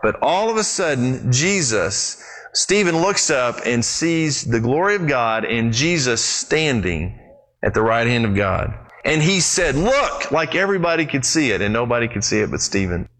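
Guy preaching, mid-pitch voice, gets really animated telling the story, talks right to the crowd. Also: normal speed. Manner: addresses the congregation directly. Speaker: pastor. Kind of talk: sermon.

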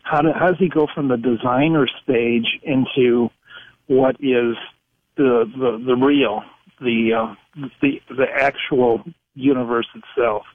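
A male caller asks a long question over the phone, stopping and restarting as he searches for words. His pitch is in the middle range. The sound is dry and thin, like a phone line. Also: fairly even intonation, measured pace, dry recording. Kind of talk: call-in radio question.

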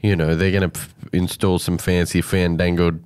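A man's voice: low-pitched, flat delivery, moderate pace, darkish tone, clean tone. A man hosting a radio show, playful and joking as he asks questions. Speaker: radio host. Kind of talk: casual radio banter.

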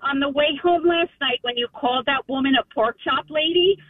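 A woman's voice: high-pitched, a little fast, no room sound. Gushing female caller on a tinny phone line. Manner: gushing and effusive. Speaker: radio caller.

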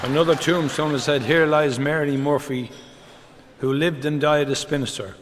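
An older man, telling a string of deadpan one-liner jokes on stage. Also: fairly high pitch, a little slow, in a large hall, heavy background noise. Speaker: comedian. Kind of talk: stand-up joke telling.

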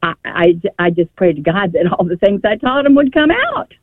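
A woman's voice: medium pitch, very animated, normal speed, no room sound. An older woman calling in to a radio show, telling a long story in a rambling, emotional way with many restarts, heard over the phone. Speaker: caller. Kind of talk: call-in radio conversation. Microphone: telephone. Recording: tinny phone line.

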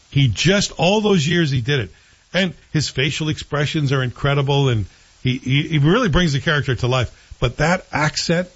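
A man's voice: medium pitch, breathy edge. A man hosting a casual chat show, rambling through his opinions on a TV series and often correcting himself. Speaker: host reviewing TV series. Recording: dull lo-fi sound.

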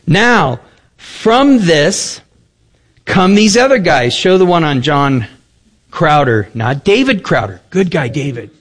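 A man preaching with a slightly high voice. He tells stories in a loose, conversational way and hits his points with emphasis. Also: very animated, slow. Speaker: pastor. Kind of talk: sermon with storytelling.

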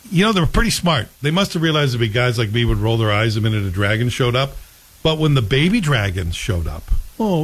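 A man's voice: mid-range voice, low-quality recording. A man hosting a casual chat, talking in a rambling, opinionated way with frequent restarts.

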